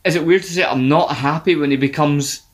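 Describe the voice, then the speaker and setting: A man's voice: a little high, brisk. A man co-hosting a podcast, chatting casually and laughing often as he recaps a sitcom episode. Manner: animated, laughs a lot, self-deprecating. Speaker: podcast co-host.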